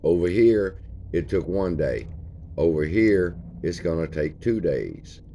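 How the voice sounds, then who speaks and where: A man narrates a casual chart walkthrough for his stock channel, folksy in manner and indicating chart features as he talks. His low, mellow voice moves slowly with lively intonation, over slight background noise.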